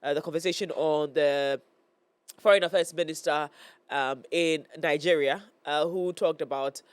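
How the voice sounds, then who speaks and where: A woman's voice: low voice, steady tone, normal speed, clean tone, dry recording. A woman hosting a morning talk show, her voice stuffy and nasal from a cold. She talks in a chatty, meandering way, full of "um"s and restarts, close to a studio mic in a dry, deadened room. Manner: chatty, hesitant with many fillers. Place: broadcast studio. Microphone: studio microphone.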